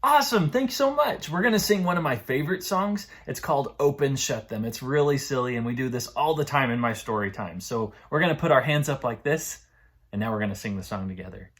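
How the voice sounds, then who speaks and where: Male librarian, story time for kids, playful sing-song delivery, very lively pitch. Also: fairly quick. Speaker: children's librarian.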